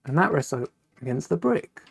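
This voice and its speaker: A man's voice: a little high, sing-song, normal speed, gravelly, breathy edge. A young man hosting a casual live stream, chatting and thinking aloud while building, often correcting himself mid-sentence.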